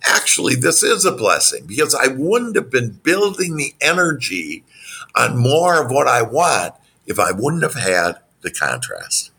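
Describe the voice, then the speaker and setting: A man working as a business coach, giving motivational answers in an interview with spiritual self-help phrasing and animated delivery. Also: unhurried, gravelly, husky. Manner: animated, acts out quoted dialogue in a higher voice.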